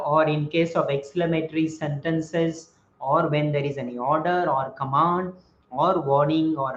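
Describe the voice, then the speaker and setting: A man gives a webinar lecture on communication and voices example sentences to show rising and falling tones. His voice sits a little high, and it is heard through a dull, echoey computer mic with faint noise behind. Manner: explanatory, gives spoken examples of intonation. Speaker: webinar speaker on communication skills. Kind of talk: lecture on speaking and body language.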